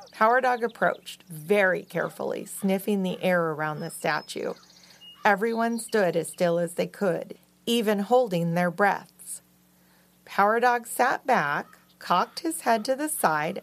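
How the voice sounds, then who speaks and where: A woman co-hosting a podcast, narrating a children's story in a slow, expressive and playful way. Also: medium pitch, creaky. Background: music.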